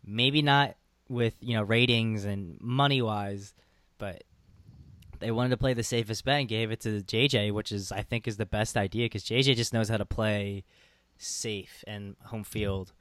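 A man co-hosting a casual podcast chat, animated fan banter with free swearing. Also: on the low side, normal speed, dry recording. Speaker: podcast co-host.

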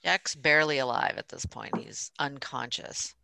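A woman's voice: rumbling low, normal speed, gravelly, pushed and bright, no echo, poor audio. A woman co-hosting a podcast, telling stories in a blunt, joking, casual way. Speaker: podcast co-host, doula. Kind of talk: casual chat.

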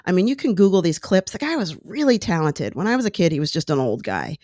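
A woman hosting a casual talk show, chatting in a digressive, animated way as she retells an old clip. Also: fairly low pitch, quick pace, no room sound, clean studio sound. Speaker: podcast host. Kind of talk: casual monologue commentary.

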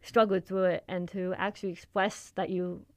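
A young woman with a mild speech impediment who tends to talk fast. She reads her own essay, then answers questions casually with fillers. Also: lowish voice, flat delivery, dry recording, clean studio sound. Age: young adult. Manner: quick-talking, with frequent fillers in conversation. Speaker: student writer and guest.

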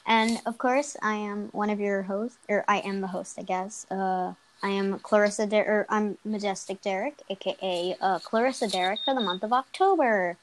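Brief: teen girl host, giggly, rambling, self-correcting, average pitch, chatting on a video call. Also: fairly even intonation, moderate pace, few pauses, a little hiss or hum, rough recording. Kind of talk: casual chat.

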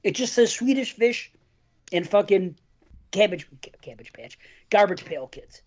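A man's voice: high voice, lively intonation, unhurried, highs cut off. A man hosting a podcast in casual chat, rambling through stories, swearing casually and laughing often. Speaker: podcast host.

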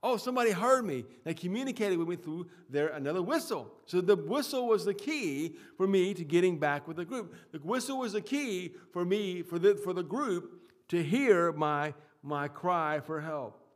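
A man preaching a sermon with emphatic swings in loudness, often repeating words and restarting phrases. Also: sits high, lively intonation, normal speed. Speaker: pastor.

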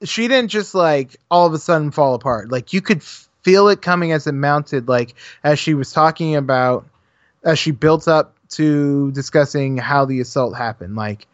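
A man's voice: a little high, moderate pace, dry recording, lo-fi sound. A man in casual political chat, heated and sarcastic, mocking people with quoted voices.

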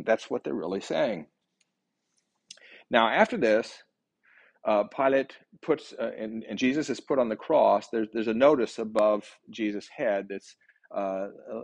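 Low-voiced man giving a Bible devotion. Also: dry recording. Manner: conversational, thinking aloud with fillers and restarts.

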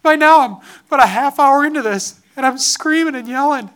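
A man's voice: extremely high pitch, a little fast, a bit bright. A man giving an earnest, impassioned sermon-style testimony, telling a personal story about his son. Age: adult father.

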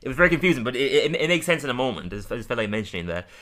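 A man's voice: medium pitch, sing-song, very fast, bright, forceful tone. A man co-hosting a podcast, giving a casual review in which he laughs often and stumbles over repeated words as he restarts. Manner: laughs often while recapping scenes. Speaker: podcast co-host. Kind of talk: casual episode review chat.

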